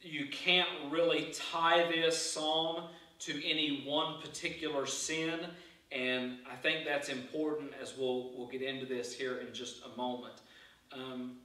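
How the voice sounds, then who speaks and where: Earnest preacher in an echoey church. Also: male voice, a little high, little pitch movement, bright, forceful tone. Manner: earnest, halting preaching with repeated restarts. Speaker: pastor. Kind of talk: sermon. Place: church sanctuary. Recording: echoey church hall, mic far off.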